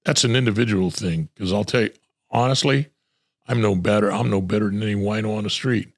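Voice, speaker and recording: Gravelly older man telling blunt stories. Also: fairly low pitch, brisk. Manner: blunt, profane, acts out quoted voices. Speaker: retired homicide detective, guest. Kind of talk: storytelling in a podcast interview.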